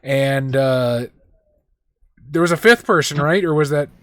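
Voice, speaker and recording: A man playing in a tabletop game, chatting excitably and joking around. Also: on the high side, measured pace, dry recording, clean studio sound. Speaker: player. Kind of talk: casual game chat.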